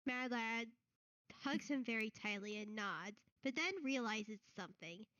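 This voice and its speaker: A woman narrating as game master of a tabletop game, with halting, hesitant phrasing. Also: on the high side, pushed and bright, no room sound. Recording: dull lo-fi mic.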